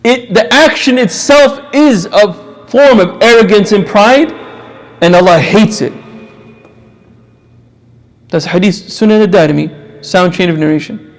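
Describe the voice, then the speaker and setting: A man's voice: sits high, measured pace, pauses often. A man giving an impassioned religious lecture, repeating phrases for emphasis.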